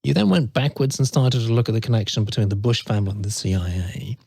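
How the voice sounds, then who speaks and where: A man's voice: lowish voice, quick pace, gravelly, dark tone, breathy edge, dry recording. A man hosting a radio talk show, asking a guest long, summarising questions.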